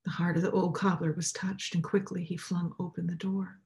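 A woman's voice: fairly low pitch, flat delivery, fairly quick, gravelly, a little mellow. A woman preacher telling a story in a sermon, reading expressively and dropping at times to a near whisper.

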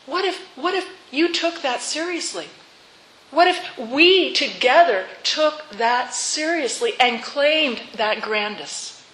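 A woman pastor delivers a sermon at a slow, deliberate pace, her voice bright and a little high. She weaves in a story, poses reflective questions and has the congregation repeat words back to her. The church room gives her voice a roomy echo. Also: animated, a little hiss or hum. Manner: leads congregation in call-and-response repetition. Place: church sanctuary.

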